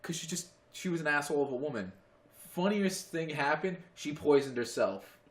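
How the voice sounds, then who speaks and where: A man's voice: a little high, lively intonation, moderate pace, reverberant. A man co-hosting a podcast in casual chat, rambling with lots of "like" and plenty of swearing, recorded in a friend's home. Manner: rambling, heavy use of "like", swears freely. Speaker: podcast co-host.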